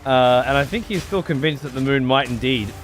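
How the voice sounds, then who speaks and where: A man streaming a video game, chatting casually and swearing freely with excitable outbursts. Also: mid-range voice, a little fast, soft background music. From United Kingdom. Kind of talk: casual gameplay livestream chat.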